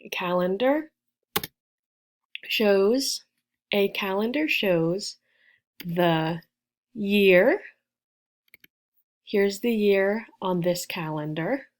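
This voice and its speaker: Slow, careful woman teaching beginner English. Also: mid-range voice, animated. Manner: slow, careful, spells and repeats words, clear enunciation.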